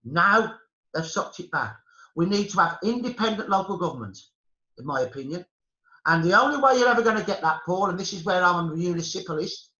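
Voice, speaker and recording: A man's voice: sits high, expressive, fairly quick, bright, forceful tone. A middle-aged man with a Brummie accent, talking passionately and emphatically in a conversational discussion, repeating points for emphasis. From England. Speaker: historian guest. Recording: lo-fi with a roomy echo.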